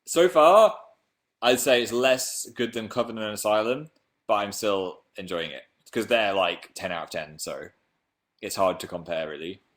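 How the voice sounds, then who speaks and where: A man's voice: on the low side, moderate pace, a bit bright. A young man from England hosting a casual live stream, chatting playfully and reading out viewer comments.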